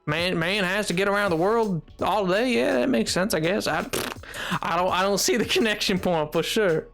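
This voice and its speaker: A man's voice: high voice, moderate pace, creaky, fairly bright tone, faint music behind. A man chatting casually on a live gaming stream, rambling with frequent restarts and reading his chat aloud.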